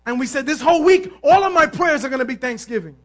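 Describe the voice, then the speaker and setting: A male pastor preaching a sermon, telling stories with lively energy, calling out to the congregation and sometimes shouting. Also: extremely high pitch, quick pace. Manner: animated storytelling, asks the crowd "amen?", bursts of shouting.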